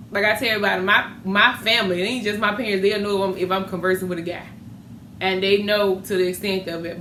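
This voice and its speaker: A woman, co-hosting a podcast and telling family stories in a lively, laughing, slangy way. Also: lowish voice. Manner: animated, laughing, slangy storyteller. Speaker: podcast co-host. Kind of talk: casual storytelling chat. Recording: echoey room with faint noise.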